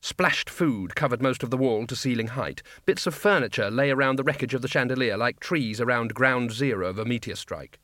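A man reading a comic fantasy audiobook in a dry, measured storytelling manner. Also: mid-range voice, lively intonation, fairly bright tone, dry recording. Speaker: audiobook narrator. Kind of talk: scripted narration.

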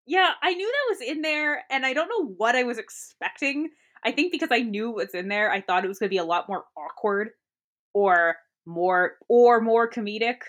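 A woman's voice: a little high, animated, normal speed, fairly bright tone. A woman in casual podcast chat about a film, giggling often, using lots of filler words and trailing off.

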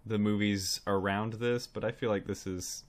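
A man's voice: fairly low pitch, steady tone, normal speed. A man co-hosting a film podcast, talking in a laid-back, wry way with the odd chuckle. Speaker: podcast co-host reviewing films. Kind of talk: casual chat.

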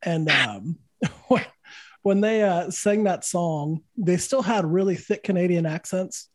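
A man's voice: sits high, slow, no echo. A man in his thirties, a podcast host and guitar teacher, telling stories in casual conversation, swearing freely and acting out the voices of the people he quotes.

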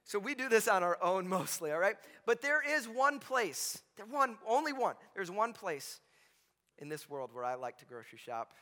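A man preaching a sermon in a church sanctuary. His voice sits high and sounds bright and forceful. A long reverb rings around him from the big hall as he keeps checking in with the room. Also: big pitch swings, moderate pace. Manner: conversational and joking, constantly checks in with "right?". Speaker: pastor.

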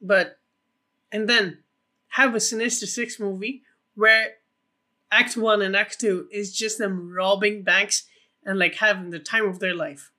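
A man co-hosting a film podcast, eagerly pitching ideas with plenty of swearing and fillers. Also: steady tone, a little slow, pushed and bright. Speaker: podcast co-host. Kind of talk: casual film podcast chat.

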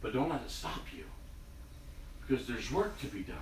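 A man's voice: medium pitch, very animated, normal speed, roomy sound, far from the mic, a little hiss or hum, poor audio. A man preaching a sermon in a conversational, storytelling way. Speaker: pastor.

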